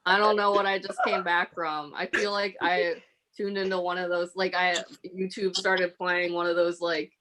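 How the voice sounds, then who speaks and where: A woman's voice: lowish voice, flat delivery, normal speed, background noise. A woman hosting an online stand-up show, chatty and loose, giggling between bits. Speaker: show host.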